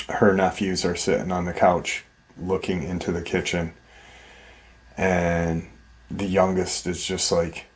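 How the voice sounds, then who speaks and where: Slow, deep-voiced man retelling a story. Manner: conversational, acts out quoted dialogue with many "like" and "you know". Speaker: host retelling a viewer's encounter. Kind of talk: casual spoken retelling of a paranormal account.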